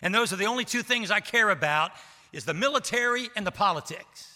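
A man voicing a scornful male Roman governor, speaking loudly and dismissively in a sermon. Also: high voice, lively intonation, brisk, full character voice. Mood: blustering. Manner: loud, emphatic and dismissive. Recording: long hall reverb.

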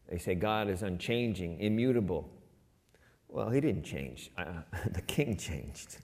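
A man's voice: lowish voice, big pitch swings, unhurried. Middle-aged male preacher in a hall. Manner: conversational preaching, swings from loud emphasis to quiet asides. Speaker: pastor. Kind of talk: sermon. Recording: long hall reverb.

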